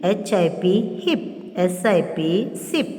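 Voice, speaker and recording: A woman teacher with an Indian English accent runs a phonics drill for young children. She spells each short word letter by letter, unhurried and deliberate, before saying it whole. The recording has the long, roomy reverb of a bare room. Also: lowish voice, expressive, a little mellow. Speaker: kindergarten teacher.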